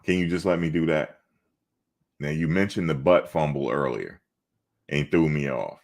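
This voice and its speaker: Super deep raspy guy on a sports stream, reading chat and teasing people back. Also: animated, moderate pace, a little mellow. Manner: teasing, talks back to chatters. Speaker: sports channel host. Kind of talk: casual livestream chat, reading viewer comments.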